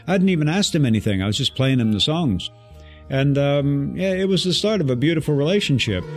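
A man guest telling an animated story in an interview, acting out the voices of people he quotes. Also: on the high side, fairly quick, soft background music.

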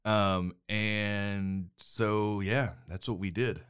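A middle-aged father with a fairly low, smooth and resonant voice, co-hosting a podcast. He chats casually, teases his son and laughs easily, a little bossy when he explains. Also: fairly even intonation, drawn-out words, fairly bright tone. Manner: teasing, bossy, laughs often. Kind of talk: casual chat about movies and TV. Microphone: headphones and studio mic.

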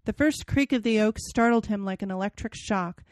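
A woman's voice: mid-range voice, moderate pace, a little mellow, dry recording. A woman hosting a podcast, chatting casually and reading a novel passage aloud with dramatic expression. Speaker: podcast host.

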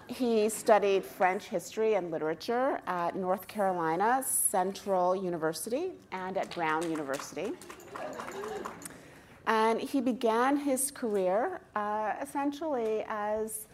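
A woman interviewing a guest on stage, speaking in a measured, polite way with small hesitations. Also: medium pitch, a little hiss or hum.

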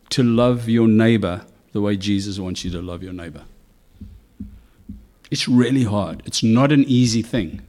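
A man preaching a conversational sermon, animated, with acted asides. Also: medium pitch. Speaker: pastor.

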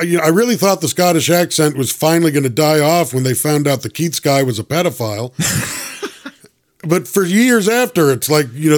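Male guest actor, casual, stammery and self-deprecating, mid-range voice. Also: medium pitch. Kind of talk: casual chat.

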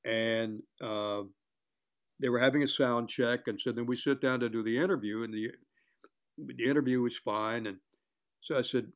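A man's voice: medium pitch, steady tone, moderate pace. An older man, a longtime sports broadcaster, telling chatty anecdotes in an interview and acting out what others said. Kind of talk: casual storytelling in an interview.

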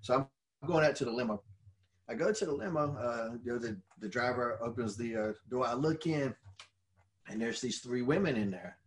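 A middle-aged man telling stories in casual chat, animated and swearing freely. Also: mid-range voice, moderate pace. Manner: animated storyteller who swears freely and laughs at his own stories. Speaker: podcast co-host and former wrestler.

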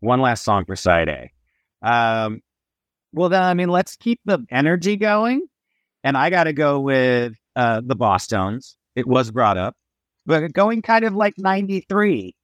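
A middle-aged man chatting on a podcast, his pitch swinging widely as he tells stories and acts out quotes. The sound is dry and close. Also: a little slow, dry recording. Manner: animated storyteller, acts out quotes. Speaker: guest musician. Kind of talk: casual podcast chat.

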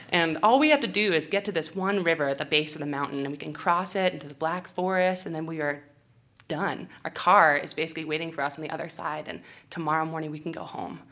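Telling a comic, self-deprecating tale on stage, this young woman, an outdoor educator, laughs often as she speaks into a handheld or stage microphone. Her low-sitting voice sounds pushed and bright.

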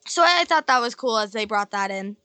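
A woman's voice: a little high, animated, a little fast, sharp tone, clear, resonant tone, no room sound. A young woman on a casual podcast, chatty and retelling things with frequent "like". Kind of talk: casual discussion.

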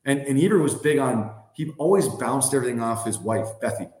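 Man in his thirties, former athlete guest, loose chatty anecdotes full of fillers, mid-pitched, recorded in a roomy space. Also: expressive, a little fast, darkish tone. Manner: rambling, filler-heavy storytelling. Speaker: podcast guest, former hockey player. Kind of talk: casual anecdote telling.

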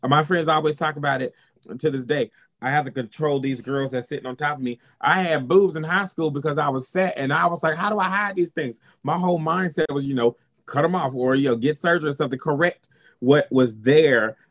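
A drag performer from South Carolina, a man with a Southern US accent, tells stories in a candid interview. His voice is on the high side and fairly quick, full of sass and flair, with "honey" and "girl" sprinkled throughout.

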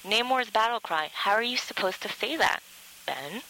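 A woman's voice: a little high, expressive, moderate pace, sharp tone, rough recording. A woman co-hosting a podcast, reading listener questions aloud and reacting in casual chat. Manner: chatty, reads questions aloud then reacts.

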